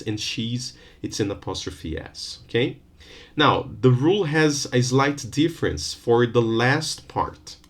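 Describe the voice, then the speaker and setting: A man giving a recorded university lecture on phonetics, explaining patiently and often checking in with "okay?". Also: medium pitch. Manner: slows down to stress rules and example words.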